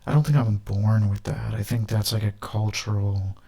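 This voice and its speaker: Gravelly low-voiced man rambling. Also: flat delivery, moderate pace, dark tone. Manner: loose, filler-heavy stream of thought. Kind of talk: casual rambling monologue. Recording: doubled audio with a flanger-like effect.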